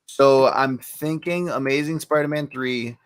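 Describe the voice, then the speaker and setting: A man in the middle of his usual pitch, chatting easily on a comics podcast. He talks in a loose, rambling way, laughs a lot and builds out long theories step by step. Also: unhurried, clear, resonant tone, no echo. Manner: relaxed, laughs often, lays out fan theories at length. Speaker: podcast co-host. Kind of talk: casual chat.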